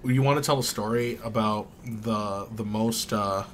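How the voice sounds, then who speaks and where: A man's voice: lowish voice, fairly even intonation, unhurried, slight background noise. A man co-hosting a podcast, teasing his co-host and joking in casual banter.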